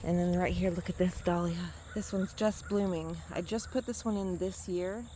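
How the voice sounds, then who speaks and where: A woman's voice: on the low side, fairly even intonation, normal speed, warm tone, a little hiss or hum. A woman chatting casually as she walks a camera around her outdoor garden, rambling and correcting herself as she goes. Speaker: vlogger touring her garden. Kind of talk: casual garden tour chat.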